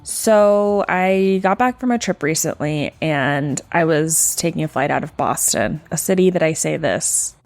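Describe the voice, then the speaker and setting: A woman's voice: low voice, a little slow, few pauses, no room sound. A woman co-hosting a comedy podcast, telling a story in a chatty way full of "like". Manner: chatty, peppered with "like". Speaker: podcast co-host.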